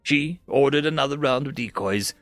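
A man's voice: medium pitch, normal speed, no room sound, soft background music. A man narrating a science fiction story dramatically, rising and dropping his voice for effect. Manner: expressive, rises and drops for drama.

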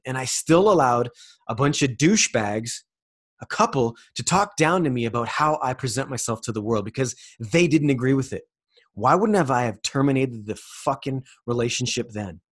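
A man giving a spiritual self-help monologue, loose and rambling, swearing for emphasis and asking the listener question after question. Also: mid-range voice. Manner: emphatic and profane, with repeated rhetorical questions. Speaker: vlogger.

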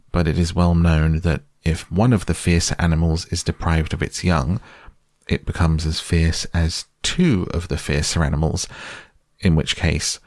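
A man reading a storybook aloud, voicing a small, timid young male piglet in a higher, fidgety voice. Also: a little mellow, dry recording, clean studio sound.

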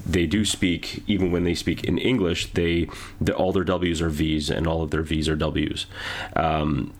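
A man talking as a guest on a voice-acting podcast, rambling with many fillers and pauses. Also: extremely low pitch, little pitch movement. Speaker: guest voice actor. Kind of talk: casual podcast chat.

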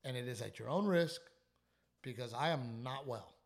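A man's voice: mid-range voice, moderate pace, gravelly. A man who hosts a podcast, telling a story in casual chat while sick and short on sleep, restarting often and swearing. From South Texas. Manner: animated, swearing, trailing restarts. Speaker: comedian and podcast host.

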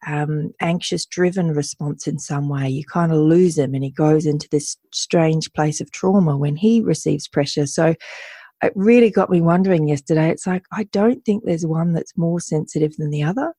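A woman's voice: low voice, normal speed, warm tone, no echo, studio quality. A woman talking in a thoughtful, earnest way in casual conversation, sometimes acting out how animals react.

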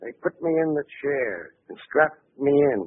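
A man's voice: a little high, expressive, slight background noise, lightly acted. Carnation Charlie, a man playing a vengeful gangster back from death. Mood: menacing. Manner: slow, taunting, cold. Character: vengeful male gangster back from the electric chair. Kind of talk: 1940s radio acting. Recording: tinny old radio broadcast.

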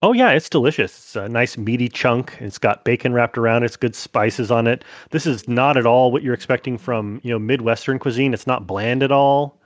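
A man's voice: medium pitch, fairly quick, few pauses, no echo, clean studio sound. A man narrating as game master of a tabletop horror game, rambling with many fillers and restarts.

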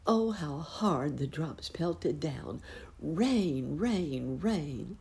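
A woman reading a children's storybook aloud in a gentle, expressive way. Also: deep voice, very slow, vocal fry.

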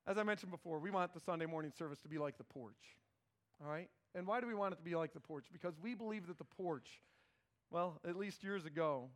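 A middle-aged male pastor preaching a sermon in a conversational, animated way, often repeating words as he starts phrases. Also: fairly high pitch, fairly quick.

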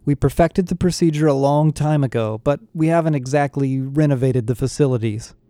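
A man's voice: fairly high pitch, fairly quick, mellow, no echo, studio quality, natural voice. A man voicing a firm, matter-of-fact male mentor who explains and insists, in an audiobook.

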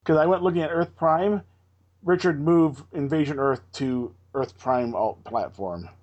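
A man's voice: fairly high pitch, unhurried, a little mellow, highs cut off. A man co-hosting a gaming podcast, chatting casually and thinking aloud. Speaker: podcast co-host.

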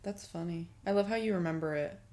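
A young woman co-hosting a podcast in casual chat, playful and teasing, with quick interjections. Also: fairly low pitch, crowd noise. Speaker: podcast co-host.

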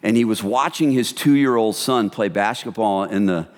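A male pastor giving an animated sermon to a congregation, sometimes dropping into hushed voices to act out gossip. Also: on the low side, moderate pace, in a large hall.

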